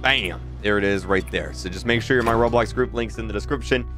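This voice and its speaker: A man's voice: lowish voice, fast talker, fairly bright tone. A young man with an Australian accent, chatting casually on a gaming stream while he reads out messages from chat. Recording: game music under the voice.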